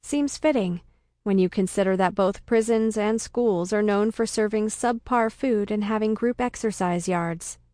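A woman narrating a first-person comic story with a dry, deadpan delivery. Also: medium pitch, measured pace, no room sound. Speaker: audiobook narrator.

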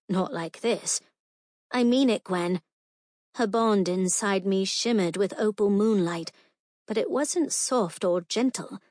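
A woman's voice: medium pitch, darkish tone, no echo. Woman narrating a fantasy audiobook, dry.

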